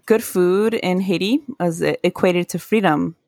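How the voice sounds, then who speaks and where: A woman with a lowish voice talks through folk history in a relaxed podcast chat. She is earnest and laughs at herself when she trips over a word. The sound is close and dry, with no room around it. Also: a little slow, no room sound. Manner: earnest, laughs at own mispronunciations. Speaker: podcast co-host. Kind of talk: casual chat, telling folklore history.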